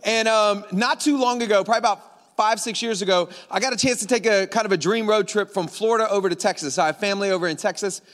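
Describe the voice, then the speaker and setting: A pastor from Louisiana preaches into a stage microphone, loose and playful as he tells a road-trip story. His voice sits high, and a long hall reverb rings behind him. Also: quick pace. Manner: casual, joking, animated storyteller. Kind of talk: sermon with storytelling. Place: large church auditorium.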